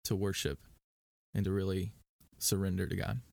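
A man's voice: low-pitched, little pitch movement, normal speed, vocal fry, darkish tone, dry recording. A man chatting as a guest on a faith podcast, rambling with fillers and restarts as he tells stories. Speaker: worship leader and podcast guest. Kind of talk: casual conversational interview.

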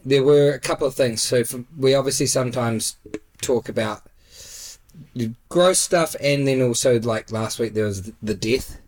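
A man's voice: mid-range voice, normal speed, darkish tone. A man with a New Zealand accent hosting a podcast, telling crude stories with lots of swearing and laughter. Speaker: podcast host. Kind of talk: casual chat.

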